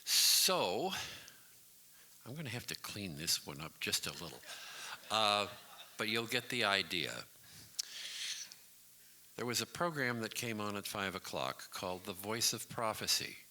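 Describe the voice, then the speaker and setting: Animated older man telling a story. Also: lowish voice, a little slow, long pauses. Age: 60s. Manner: dry storytelling with mock announcer voices. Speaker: variety show storyteller. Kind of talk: comic anecdote on stage. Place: community hall.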